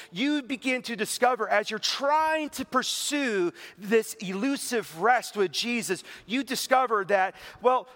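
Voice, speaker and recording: Chatty high-voiced male preacher. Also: a bit bright. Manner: chatty, peppered with rhetorical questions and acted-out inner voices. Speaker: pastor. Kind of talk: conversational sermon.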